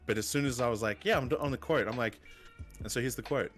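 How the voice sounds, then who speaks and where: A man chatting casually as co-host of a live movie show, telling his stories in a relaxed, rambling way. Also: medium pitch, fast talker, soft background music. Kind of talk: casual live-stream chat.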